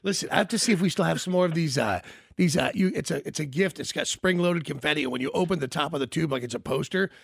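A man's voice: fast, creaky, slightly rough, no echo, clean studio sound. A man co-hosting a casual, jokey chat, chiming in with his own stories. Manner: chatty and jokey, with lively swings in pitch.

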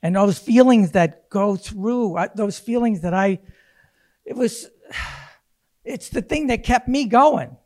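A man's voice: high-pitched, slow pace, darkish tone. A man, an actor interviewing a fellow actor, thinking aloud and restarting his phrases. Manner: searching for words, restarting phrases. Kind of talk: conversational interview.

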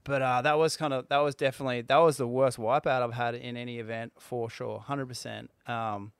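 A man in his forties, a former pro surfer, telling a story in a halting way, with restarts and fillers. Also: mid-range voice, flat delivery, gravelly, smooth, no echo. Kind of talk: casual interview storytelling.

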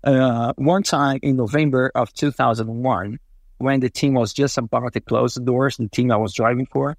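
Man, animated storyteller, lots of uh and you know, dry close sound. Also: mid-range voice, normal speed, creaky, no echo. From Brazil. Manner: animated, acts out quoted voices, frequent fillers. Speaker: interview guest, racing driver. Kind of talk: casual storytelling.

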